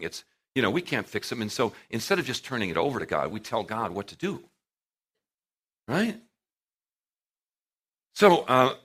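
Middle-aged male preacher, bright lively delivery, storytelling sermon with animated volume swings. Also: mid-range voice, slightly rough. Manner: animated storytelling, acting out quotes with big swings in loudness.

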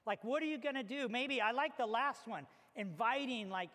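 A man preaching a sermon to his congregation, energetic and emphatic, reading scripture aloud. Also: extremely high pitch, normal speed. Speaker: pastor. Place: church auditorium. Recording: long hall reverb.

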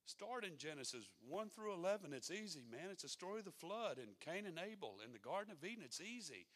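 Male preacher, sermon, folksy and conversational, bright forceful tone. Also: sits high, big pitch swings, fairly quick. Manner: folksy and conversational, rising to fervent exhortation.

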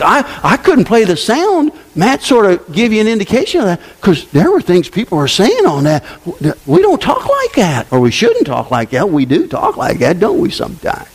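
A man preaching a sermon to his congregation, with conversational asides, dropping to low murmurs and rising to loud exclamations. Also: wildly swooping pitch, moderate pace, hardly any pauses, husky. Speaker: pastor.

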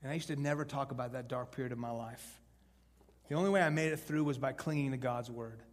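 A man preaches an evangelistic sermon to college students, conversational yet shifting from hushed to loud and emphatic. He speaks fast at a medium pitch, and the recording has long hall reverb.

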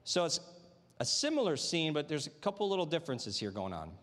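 A man delivers a sermon to a congregation in an easygoing, conversational manner, leaning on rhetorical questions to keep listeners with him. His voice sits somewhat high for a man, and his words ring out with the long reverb of a large church sanctuary. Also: very animated, a little fast, a bit bright. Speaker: pastor.

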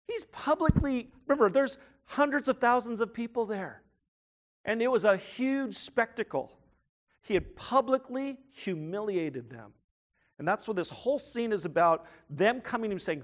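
High-voiced man preaching a sermon. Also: moderate pace. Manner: animated preaching, rising to near-shouts when quoting crowds. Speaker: pastor.

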